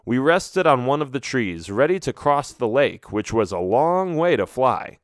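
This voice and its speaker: A man narrating a children's audiobook in an expressive, first-person storytelling manner. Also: medium pitch, a little slow, no echo, clean studio sound.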